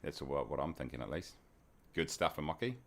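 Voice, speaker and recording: A man's voice: rumbling low, a little fast, vocal fry. A man with a New Zealand accent, hosting a flight-sim live stream in casual, jokey chat and greeting viewers by name. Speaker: flight sim livestream host.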